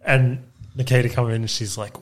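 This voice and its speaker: A man's voice: mid-range voice, fairly quick. An Australian man, a podcast co-host and dad, telling loose, sweary stories in casual chat. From Queensland, Australia. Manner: animated anecdotes, swears freely.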